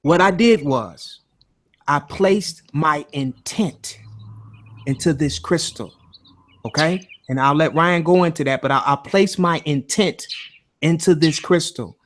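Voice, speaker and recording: A man's voice: fairly high pitch, slow pace. Emotional, swearing man hosting a talk show. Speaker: host. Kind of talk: casual call-in talk show.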